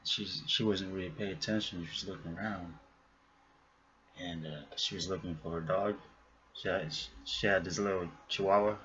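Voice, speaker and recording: A man's voice: sits low, steady tone, moderate pace, fairly bright tone. A man telling a long joke, laughing often as he goes, recorded on a webcam with dull lo-fi sound.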